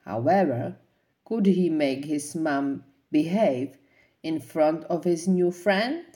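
A woman reading a children's picture book aloud as a storyteller, in a slow, expressive way. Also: sits low.

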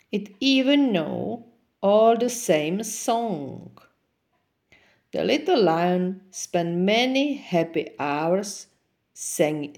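A woman reads a children's picture book aloud in a gentle, expressive way. Her voice is fairly low for a woman, and it rises and falls widely. She reads very slowly and unhurriedly. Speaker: storyteller.

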